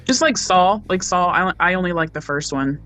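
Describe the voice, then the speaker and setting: Brief: female podcast co-host, dry wit, bright crisp voice. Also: lowish voice, normal speed, faint music behind. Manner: dry, playful quips. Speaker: guest co-host. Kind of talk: casual podcast chat.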